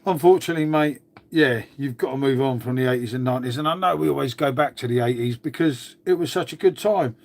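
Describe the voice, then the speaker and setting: A fast-talking middle-aged man with a medium-pitched voice rambles casually to the viewers of his live stream. He's relaxed, calls everyone mate, and muses aloud while tidying up.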